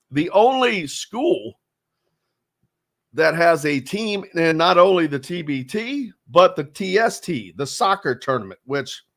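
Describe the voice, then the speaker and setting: A man's voice: a little high, a bit bright. A man hosting a sports radio show, speaking in a rambling casual way with lots of fillers and restarts.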